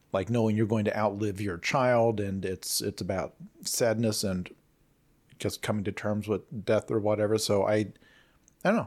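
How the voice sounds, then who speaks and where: A man's voice: on the low side, darkish tone. A man talking casually about movie trailers on a podcast, musing and opinionated, with frequent restarts. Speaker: podcast panelist.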